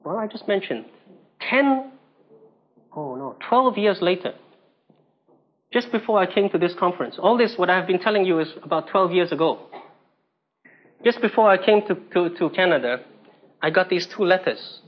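A man's voice: sits high, animated, moderate pace, pauses often, dull audio. A man preaching a sermon, telling a story emphatically and asking rhetorical questions.

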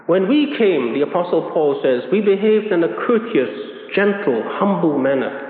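A man preaches with a high, ringing voice, hammering home repeated phrases. The sound is thin and phone-like. A long hall echo trails every word. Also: expressive, normal speed, hardly any pauses. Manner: emphatic, repeats key phrases with rising pitch. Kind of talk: sermon. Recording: echoey hall on a tinny lo-fi line.

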